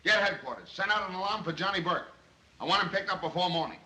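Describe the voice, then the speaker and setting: A man playing a brash, impatient police inspector in a 1930s film, gruff and wisecracking as he barks orders. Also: sits high, fast talker, sharp tone, poor audio.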